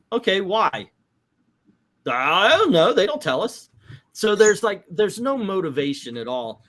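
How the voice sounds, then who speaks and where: A middle-aged man chatting casually on a comic book livestream, his slightly high voice swinging up and down with lots of life. He keeps breaking into little character voices to act out quotes. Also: measured pace. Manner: animated, acts out quotes in voices. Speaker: comic book show host.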